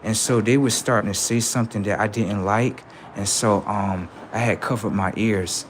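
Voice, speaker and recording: A man's voice: fairly low pitch, fairly even intonation, normal speed, a little hiss or hum. A man streaming live, rambling through commentary and stories and checking in with "right?" often.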